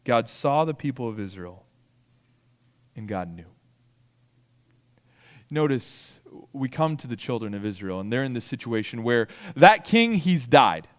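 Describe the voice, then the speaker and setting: A man with a fairly high voice that swings widely in pitch, preaching a sermon. He is animated, acting out the pleas and grumbles he quotes, and checks in with his listeners as he talks. Each point is pressed with restarts and emphasis. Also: smooth, long reverb tail. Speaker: pastor.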